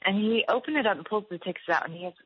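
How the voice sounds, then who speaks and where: A woman guest telling an emotional personal story in an animated way, acting out the dialogue and laughing often. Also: medium pitch, rapid-fire, breathy edge, narrow, tinny audio. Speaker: guest author.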